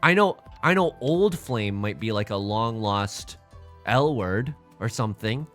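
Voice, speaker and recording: A man's voice: on the low side, expressive, measured pace, fairly bright tone, soft background music. A young man streaming a mahjong game, rambling and joking in casual asides to his chat. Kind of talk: casual live-stream chatter while playing mahjong.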